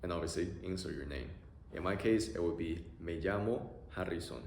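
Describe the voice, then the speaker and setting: A man teaching beginner Spanish phrases, drilling pronunciation with slow, drawn-out vowel sounds. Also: sits low, vocal fry, a little mellow. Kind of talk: beginner language lesson. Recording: echoey room with faint noise.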